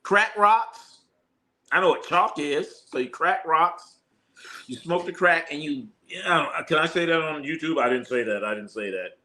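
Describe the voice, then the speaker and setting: Bright-voiced man chatting on a live stream. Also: fairly high pitch, normal speed. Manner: loose, profane, joking. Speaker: host of a live sports stream. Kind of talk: casual livestream chat reading viewer comments.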